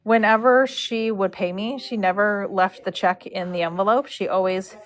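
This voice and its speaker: A woman hosting a live stream, telling a story in a chatty, animated way and acting out both sides of the dialogue, recorded in a barn. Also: mid-range voice, normal speed. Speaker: horse braider and live-stream host.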